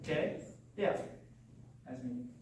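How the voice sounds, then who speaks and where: A man's voice: moderate pace, a little mellow, a little hiss or hum. A man, a martial arts instructor, giving a playful call-and-response lesson to young children, coaxing them to repeat words. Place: large school room with children. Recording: echoey room recorded from far off with children behind.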